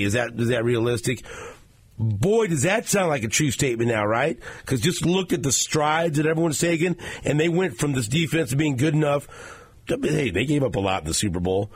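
A man's voice: mid-range voice, breathy edge. A man hosting a sports radio show. He tells stories in a rambling way and often restarts his sentences.

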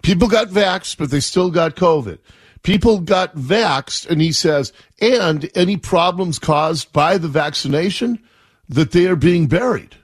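A man's voice: on the high side, expressive, unhurried, breathy edge, dry recording. A man hosting a talk radio show, chatty and opinionated, setting up clips with his own asides. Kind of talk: casual talk radio commentary.

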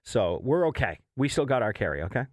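A man's voice: mid-range voice, very animated, a little fast, darkish tone, dry recording. A man hosting a morning radio show in casual, jokey chat, laughing often.

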